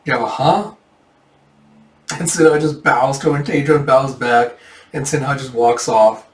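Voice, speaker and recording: A man in a casual comic readthrough, lively and chatty as he narrates the panels. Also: medium pitch, a little fast, a little hiss or hum. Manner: lively, chatty, jumps into character voices. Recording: roomy, mic at a distance.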